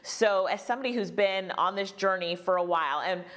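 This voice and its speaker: A woman's voice: medium pitch, fairly quick, a bit bright. A woman hosting an online business summit, chatting in an upbeat, affirming way with easy laughter. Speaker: host. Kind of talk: interview chat.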